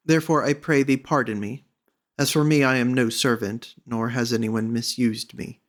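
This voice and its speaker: A man voicing a sad, tearful young maiden in a storybook reading, with a soft, pleading delivery. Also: medium pitch, close to an everyday voice.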